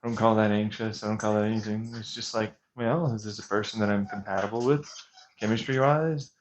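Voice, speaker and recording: A man's voice: fairly low pitch, steady tone, brisk, a little hiss or hum. A man vlogging an intense monologue, agitated and sarcastic as he rants. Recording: dull lo-fi recording.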